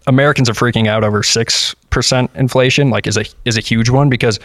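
A man's voice: medium pitch, fairly even intonation, fast talker, fairly bright tone, no room sound, studio quality. A man in a casual political discussion, earnest and prone to restarts.

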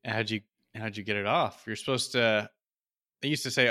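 Podcast host guy, bright low-ish voice, asks questions easy. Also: a little fast. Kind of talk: casual podcast chat.

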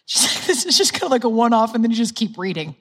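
A woman's voice: fairly high pitch, sing-song, fast, a bit bright, husky. A woman preaching a sermon in a casual, conversational way. She laughs often and acts out the lines she quotes.

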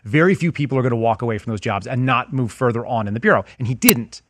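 A man's voice: medium pitch, animated, quick pace, noisy background. A man who is a former federal agent, a guest in a casual interview, explaining things with anecdotes and analogies.

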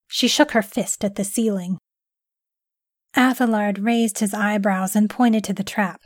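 A woman's voice: mid-range voice, steady tone, unhurried, no echo. Woman narrating a story, dry close sound.

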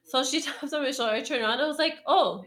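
A woman's voice: sits high, fast, fairly bright tone. A woman telling a work story in casual chat, rambling with lots of ums and likes and acting out what people said. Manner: rambling, full of ums and likes, acts out quotes. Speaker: podcast storyteller.

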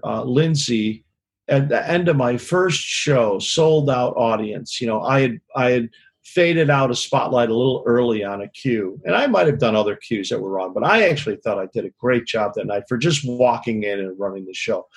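Husky-voiced man telling frank road stories. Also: mid-range voice. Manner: rambling, frank, swears, keeps asking "you know what I mean?". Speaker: touring concert lighting director. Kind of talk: casual interview storytelling.

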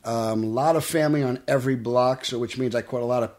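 A middle-aged man from Brooklyn with a Brooklyn accent, telling animated stories as a guest in a studio interview. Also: mid-range voice, fast. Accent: Brooklyn New York. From Brooklyn, New York. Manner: animated storytelling, tough-talking. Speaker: actor guest. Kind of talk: casual interview. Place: podcast studio.

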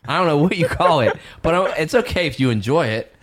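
A man's voice: a little high, lively intonation, a little fast. A man co-hosting a podcast in casual chat, trading dry, sarcastic quips. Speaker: podcast co-host.

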